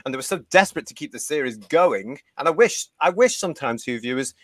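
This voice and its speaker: A man's voice: medium pitch, expressive, fast talker. A man from the United Kingdom hosting a live fan review show, reading viewer comments and ranting with strong opinions.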